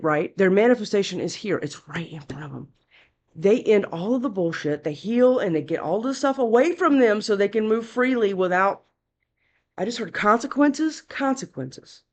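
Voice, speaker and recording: A woman's voice: medium pitch, lively intonation, moderate pace, darkish tone. Lady doing a tarot reading, blunt and gossipy, swears a lot. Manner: blunt and chatty, curses freely, scolding. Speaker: tarot reader.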